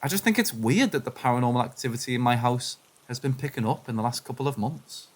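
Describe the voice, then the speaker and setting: A man narrating submitted paranormal stories in a steady, scripted reading voice. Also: mid-range voice, quick pace, a little hiss or hum.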